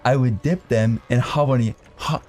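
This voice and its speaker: A young man telling a profane, animated story in a casual chat among friends. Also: medium pitch, moderate pace. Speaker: podcast co-host.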